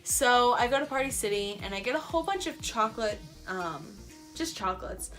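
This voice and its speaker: A young woman telling a story in a casual vlog, chatty and excitable, saying "like" often. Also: on the high side, fairly quick, soft background music. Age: young adult. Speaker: vlogger.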